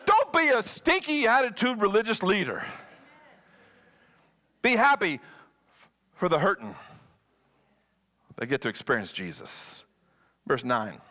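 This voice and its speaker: A man preaching as a guest pastor, animated and playful. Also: mid-range voice, a little slow, pauses often. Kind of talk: sermon.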